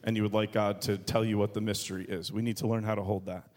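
A man's voice: lowish voice, level tone, quick pace, a little mellow. Man, 30s, pastor, sermon, conversational, joking.

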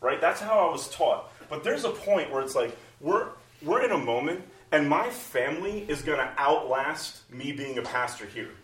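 Pastor, male, 40s, animated talker, recorded from a distance in a roomy space. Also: a little high, normal speed, hardly any pauses. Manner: animated, acts out inner voices in quotes. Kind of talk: conversational church talk. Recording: roomy sound from a distant mic.

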